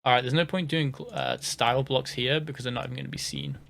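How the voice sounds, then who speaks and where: A man's voice: mid-range voice, fairly even intonation, fast, creaky, a bit bright, a little hiss or hum. A man from the UK rambling through casual gameplay commentary, jokey and self-mocking, sometimes sinking to a whisper. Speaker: gaming host.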